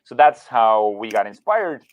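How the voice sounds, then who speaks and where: A man co-hosting a podcast, telling rambling stories with deadpan jokes in casual chat. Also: mid-range voice, a little slow, muffled recording. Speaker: podcast co-host.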